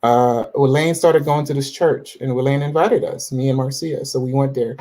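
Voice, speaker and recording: A man's voice: medium pitch, fairly even intonation, normal speed, dark tone. A man in his forties speaking as an interview guest, telling his faith story with self-assured conviction and plenty of restarts and fillers. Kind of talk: casual interview talk about faith.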